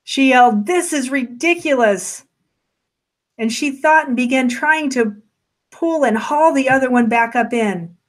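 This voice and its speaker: A woman reads a story aloud in a gentle, unhurried manner. Her voice sits a little higher than most. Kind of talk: story narration.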